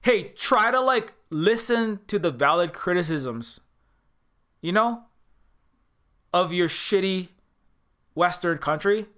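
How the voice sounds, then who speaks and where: A man talks in a loose, rambling way, restarting his sentences, swearing now and then and acting out what others might say. His voice sits high and sounds sharp and crisp. He comes across as an indie game maker chatting to his audience. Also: lively intonation, slow pace, pauses often. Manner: acts out others' lines in quoted voices. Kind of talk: casual spoken commentary.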